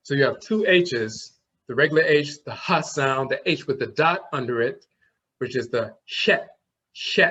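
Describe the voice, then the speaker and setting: A man's voice: mid-range voice, lively intonation, fairly bright tone, muffled recording. A man teaching an online class, explaining things step by step and sounding out letters as he goes. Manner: explains slowly, demonstrates sounds aloud.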